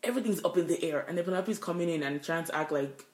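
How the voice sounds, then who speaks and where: A woman's voice: lowish voice, racing, darkish tone. A woman co-hosting a podcast, telling a workplace story in casual chat, swearing freely. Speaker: podcast co-host. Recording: roomy echo.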